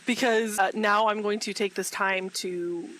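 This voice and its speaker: A woman with a mid-range, fairly bright voice speaks a little slowly with fairly even intonation, as a guest in a live fan discussion. The audio is poor, with slight background noise. She talks passionately in the casual group setting, repeating herself and laughing often.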